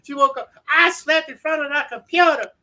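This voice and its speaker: A man's voice: extremely high pitch, measured pace, bright, forceful tone. A man, a guest on a podcast, who tells anecdotes and chuckles through them. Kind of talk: casual chat. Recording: faint background hiss.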